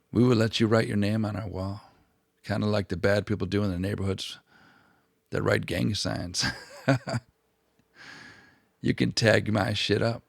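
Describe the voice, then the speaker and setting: A man's voice: fairly low pitch, gravelly, no echo, clean studio sound. A man hosting a history channel, rambling through profane, mocking comedic commentary full of asides and restarts.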